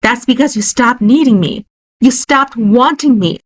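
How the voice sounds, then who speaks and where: A woman's voice: fairly high pitch, a little slow, voice pushed up. A woman reading a horror story aloud, voicing a distraught, betrayed wife who speaks in a tearful, insistent way.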